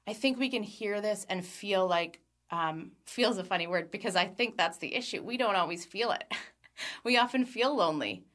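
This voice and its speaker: A woman in her thirties gives an earnest devotional talk, reading scripture aloud. Her voice sits in a middle pitch, and she slows down on key phrases with a light laugh here and there. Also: expressive. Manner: earnest, warm, laughs lightly between thoughts. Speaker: Christian speaker.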